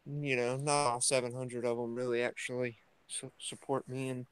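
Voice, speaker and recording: In a smooth, mid-range voice at a moderate pace, a man rambles through a casual morning chat vlog as he steps outside into his yard at home. He's relaxed yet hesitant, full of fillers and restarts, and the recording quality is low.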